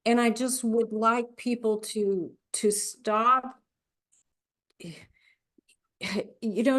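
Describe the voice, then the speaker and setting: A woman's voice: fairly high pitch, steady tone, drawn-out words, pauses often, fairly bright tone. A woman hosting a podcast, telling personal stories at length in an earnest, conversational way that grows heated when she talks about people being mocked. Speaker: podcast host. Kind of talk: casual conversational podcast chat.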